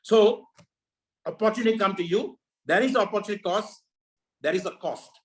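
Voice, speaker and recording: High-voiced preachy man lecturing. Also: moderate pace, rough recording. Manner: preachy, repeats rhetorical questions. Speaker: network marketing leader. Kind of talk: motivational talk. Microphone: video call.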